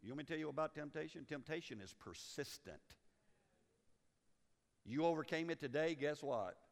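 A man preaching with a high, bright voice that carries through a long-reverb church hall. He teases his congregation in a folksy way and acts out quotes as he goes. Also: expressive, moderate pace, creaky. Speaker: pastor. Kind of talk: sermon. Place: church sanctuary.

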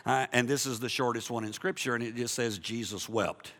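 A man preaching a sermon in a church, animated, moving from loud emphasis to hushed softness, with jokey asides to the congregation. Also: mid-range voice, quick pace, in a large hall. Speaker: pastor. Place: church sanctuary.

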